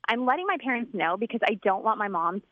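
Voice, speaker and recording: A woman telling a comedic personal story, animated and acting out voices as she goes. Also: medium pitch, fast, no echo. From United States. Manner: animated, acts out voices in quotes. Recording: dull, lo-fi dry recording.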